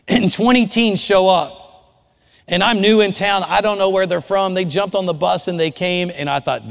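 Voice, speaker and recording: A man's voice: a little high, creaky. Man preaching in a reverberant church. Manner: swings from hushed storytelling to shouted quotes. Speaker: youth pastor. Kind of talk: sermon storytelling.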